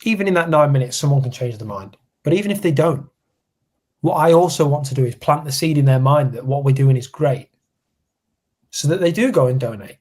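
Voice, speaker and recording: A young man from England, co-hosting a podcast, telling stories in a casual, animated chat and acting out what people said. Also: a little high, fairly quick. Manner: animated storyteller, acts out quotes. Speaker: podcast co-host.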